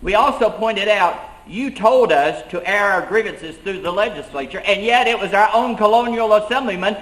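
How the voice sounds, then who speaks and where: A man's voice: sits high, moderate pace, a bit bright. A man playing an 18th-century colonial schoolmaster turned rebel leader, telling his story in first person with earnest emphasis. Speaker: living-history reenactor. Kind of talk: first-person historical reenactment monologue. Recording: roomy echo.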